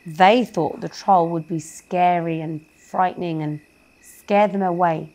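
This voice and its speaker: A woman reads a children's bedtime story at a slow, unhurried pace. She speaks gently and often stops to ask her young listeners questions. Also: fairly low pitch, steady tone. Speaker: storyteller for a kids show.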